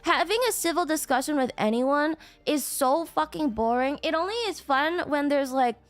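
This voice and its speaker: A woman's voice: sits high, normal speed. A woman streaming live, reading out chat messages and ranting back at them, swearing and throwing mock tantrums. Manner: reads out and reacts to chat messages. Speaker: VTuber streamer.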